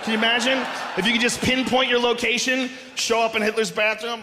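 A man doing live stand-up comedy, ranting loudly and animatedly with lots of profanity. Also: very high voice, level tone, fairly quick. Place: large theater stage. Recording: echoey hall with audience noise.

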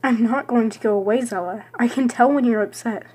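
A woman voicing a gentle, devoted best friend. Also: fairly high pitch, fairly quick, husky. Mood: worried. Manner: gentle, insistent and reassuring. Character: caring young woman, loyal best friend.

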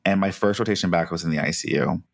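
A man, a physician, telling stories over a remote call in a casual, animated way, laughing often. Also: low-pitched, quick pace, creaky, no room sound. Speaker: physician, podcast co-host. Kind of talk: casual chat, storytelling.

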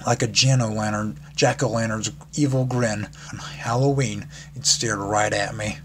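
A man's voice: fairly low pitch, steady tone, moderate pace, hardly any pauses. A man reads a fan fiction story aloud in a casual way, with small slips and restarts. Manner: casual reading with slips and laughs. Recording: background noise.

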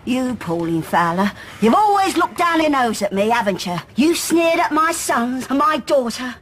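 A fiery older pub landlady, voice, shouts and sneers, faint room hiss. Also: sits high, sing-song, moderate pace. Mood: angry. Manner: fiery, indignant, shouting insults. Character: brassy older pub landlady grandmother, combative. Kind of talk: British soap drama acting.

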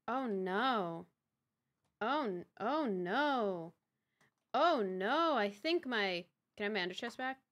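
A woman's voice: mid-range voice, lively intonation, slow pace, fairly bright tone. A young woman livestreaming a game, chatting casually, exclaiming and repeating herself, swearing when things break, and greeting chatters by name. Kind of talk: casual live-stream chat while gaming.

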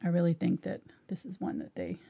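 Gravelly-voiced woman chatting while painting. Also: on the low side, sing-song, a little fast, mellow. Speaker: painting instructor. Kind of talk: live painting tutorial.

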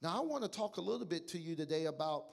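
Brief: male pastor, high voice, fiery sermon delivery, echoing church hall. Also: lively intonation, fast, creaky. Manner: passionate preaching, rising to shouts, calls congregation to repeat. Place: church sanctuary.

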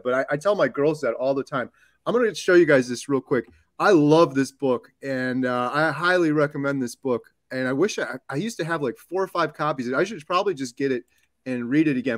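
A male live stream host with a slightly high voice talks with enthusiasm and often stammers at the start of his sentences. The sound is dry and close. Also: no echo. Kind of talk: casual chat.

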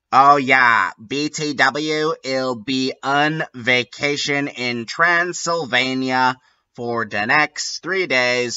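A man giving a comedic dramatic reading and breaking off for deadpan, sardonic asides. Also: medium pitch, clear, resonant tone, dull audio. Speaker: comedic reader.

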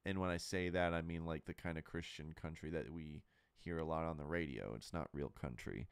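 Casual podcast guy, deep smooth voice, talks in loose rambly takes. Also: fairly quick, no echo, studio quality. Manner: candid, rambling, with many fillers and restarts. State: burping and hiccuping. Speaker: podcast host. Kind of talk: casual opinion monologue.

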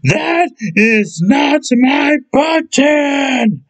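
A man puts on a fussy little storybook toad who keeps getting upset. His voice jumps up high and swoops about as he whines and complains, drawn out very slowly. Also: huge pitch swings, darkish tone, slightly rough, heavily acted. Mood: shouting. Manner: high, whining outbursts.

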